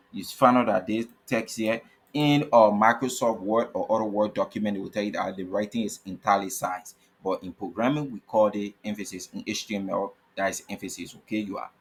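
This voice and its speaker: A low, husky-voiced man walks through a coding tutorial step by step. He spells tag names out letter by letter and keeps checking in with "okay?" as he repeats each point. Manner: repetitive, checks in with frequent "okay?". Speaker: coding teacher. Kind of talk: screen-recorded coding tutorial.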